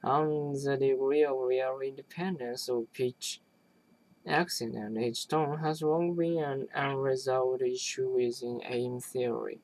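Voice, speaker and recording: A person reading an academic linguistics text aloud, haltingly, often restarting words and phrases. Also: medium pitch, steady tone, a little mellow, rough recording.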